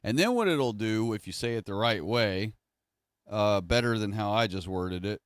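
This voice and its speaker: Fairly low-pitched, clear and resonant, this man speaks at normal speed with lively intonation in a dry, clean studio recording. The streamer rambles through a conversational livestream monologue, correcting himself as he addresses his audience.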